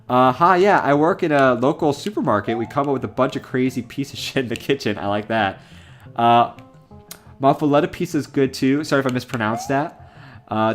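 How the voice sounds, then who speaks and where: Streaming a game from home, a young man chats casually, rambling and laughing as he reads chat comments aloud. His voice is medium in pitch.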